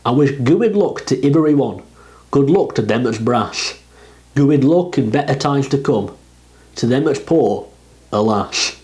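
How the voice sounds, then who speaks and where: A man recites a dialect poem slowly and deliberately, letting his pitch swing widely from line to line. His delivery is expressive and animated, with each verse given weight. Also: rough recording. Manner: expressive, rising and falling delivery. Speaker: poetry reader.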